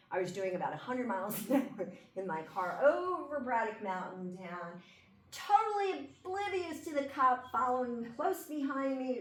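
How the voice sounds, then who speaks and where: Woman lecturing in an echoey room. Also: on the high side. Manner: conversational, checks in with listeners by asking 'okay?' and 'right?'. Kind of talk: classroom lecture. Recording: echoey room, mic far off, faint background hum.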